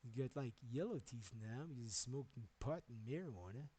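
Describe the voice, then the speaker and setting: A man's voice: mid-range voice, lively intonation, a little fast, dark tone, breathy edge, rough recording. A man ranting on his own livestream, agitated and rambling, with plenty of swearing. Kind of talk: rambling solo livestream rant.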